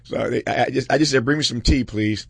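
A man's voice: medium pitch, fast, gravelly, slightly rough, no echo. A man hosting a talk show at a studio desk, reflective and emphatic, laughing often and repeating words for stress. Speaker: host. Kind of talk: talk show commentary and interview.

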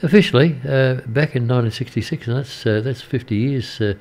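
An older Australian man presenting community radio, telling a story in a rambling, halting way with many fillers. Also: medium pitch, a little mellow. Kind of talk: casual radio chat between songs. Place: radio studio.

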